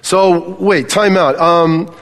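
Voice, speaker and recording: Older pastor preaching in a reverberant hall. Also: male voice, high voice, steady tone, slow, creaky, fairly bright tone. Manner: conversational, questioning the audience. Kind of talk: sermon. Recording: long reverb of a large hall.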